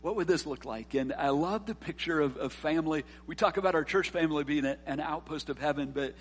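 A man's voice: a little high, a little fast, husky. Earnest male pastor preaching. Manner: earnest, rises to emphatic peaks and drops soft on key words. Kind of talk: sermon.

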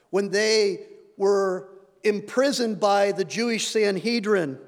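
High-voiced preacher in a reverberant hall. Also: male voice. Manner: earnest, rising when reading scripture. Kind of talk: sermon.

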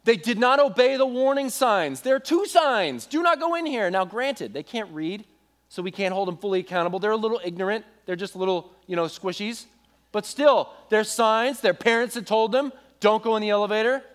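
A young adult male pastor preaching a sermon, telling a story in a casual, animated way with asides to the congregation. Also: high-pitched, normal speed.

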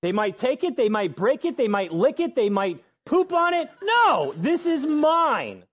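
Man putting on a high, whiny kid voice in a sermon: a possessive child guarding his toys, squeals and drags out his words. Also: very animated, a little slow, heavily acted. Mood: indignant. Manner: shrill, indignant, whiny. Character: possessive little kid refusing to share.

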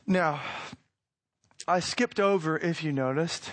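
A high-pitched male pastor delivering a sermon in an easy, conversational tone. He poses rhetorical questions and lets his voice swing from hushed to emphatic. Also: takes it slowly.

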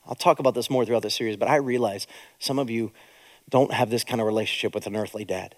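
A man preaching as a pastor, earnest and consoling, dropping to hushed emphasis. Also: lowish voice, quick pace, big-room sound. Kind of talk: sermon.

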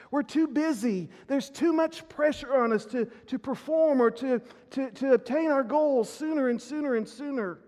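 A man's voice: very high voice, a little mellow. A man preaching a sermon as pastor, telling a personal story earnestly with many restarts. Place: church sanctuary. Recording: long reverb of a church hall.

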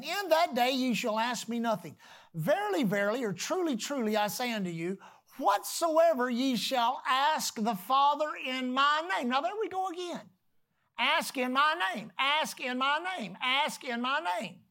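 A preacher delivering a sermon with emphatic swings from shouting to hushed tones, reading scripture slowly and calling on the congregation to repeat words. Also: sits high, lively intonation. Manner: reads scripture slowly and deliberately.

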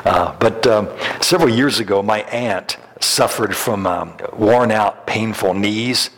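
A middle-aged pastor with a lowish, slightly bright voice preaches a little slowly, and the recording carries long hall reverb. His sermon is built on folksy stories that he chuckles through, with many restarts.

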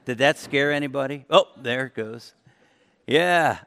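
A man's voice: medium pitch, unhurried, fairly bright tone, clean tone. A man preaching a sermon, teaching with emphasis and repeating key phrases. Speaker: pastor. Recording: reverberant hall.

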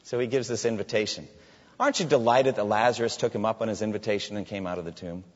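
A man's voice: on the low side, fast talker. A man preaching a sermon, reading scripture aloud with emphasis and posing questions to his listeners. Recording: dull sound with long hall reverb.

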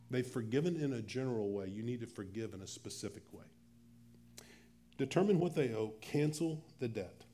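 A man's voice: medium pitch, a little mellow. A man, a pastor, preaching a sermon in a conversational way, acting out the Bible characters' lines as he retells the stories. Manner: conversational, acts out Bible dialogue in quoted voices.

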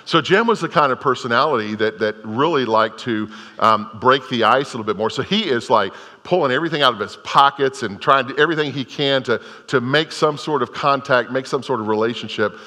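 A middle-aged man preaches with a bright, forceful edge in his voice. He tells a story in a folksy, unpolished way, often restarting his sentences. His words ring out with a long reverb, as in a large church hall. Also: mid-range voice, fairly quick, hardly any pauses. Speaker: Methodist pastor. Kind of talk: sermon.

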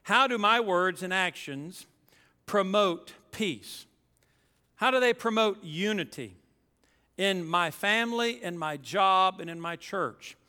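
A male pastor delivers a sermon, reading scripture and pressing his points with emphatic asides. His voice is bright and clear, and it rings with a long reverb through a church sanctuary. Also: sits high, lively intonation, slow. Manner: reads scripture aloud then preaches with emphatic asides.

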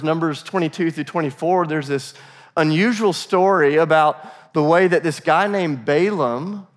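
An American man preaching a sermon in a conversational way, with laughing asides and acted-out dialogue. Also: fairly high pitch. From United States. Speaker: pastor.

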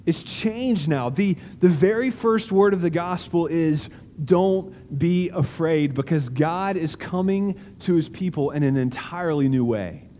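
A male pastor preaches in a large auditorium, leaning hard on key words and letting pauses hang. His voice sits a little high but sounds warm and mellow. A long hall reverb trails each phrase, with faint room ambience underneath. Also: slight background noise. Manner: emphatic, slow deliberate preaching with dramatic pauses. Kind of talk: sermon.

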